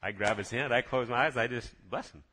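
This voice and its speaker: A man telling his personal faith testimony in a casual, lively way, full of excited restarts. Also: mid-range voice, fairly quick, a little hiss or hum. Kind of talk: casual spoken testimony storytelling.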